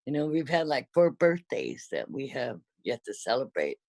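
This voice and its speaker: A woman's voice: a bass voice, very animated, normal speed, vocal fry, a little mellow, no room sound. An older woman casually reminiscing in conversation, rambling and often correcting herself mid-sentence. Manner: rambling, self-correcting storyteller.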